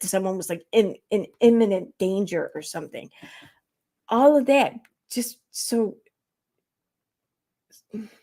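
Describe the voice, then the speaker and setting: A woman's voice: mid-range voice, warm tone. A woman hosting a casual commentary livestream, rambling along with frequent restarts. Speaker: livestream host.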